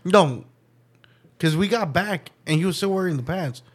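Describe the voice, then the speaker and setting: His voice sits high and sounds animated, moving at a moderate pace. He's hosting a casual podcast, cursing and laughing through a story while performing the voices of those involved.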